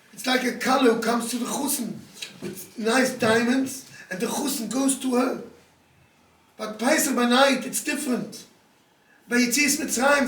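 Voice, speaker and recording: High-voiced man preaching in an echoey room. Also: a bit bright. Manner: earnest, pleading, hammers points by repeating them. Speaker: rabbi giving a talk. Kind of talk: storytelling sermon. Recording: echoey room, speaker far from the mic.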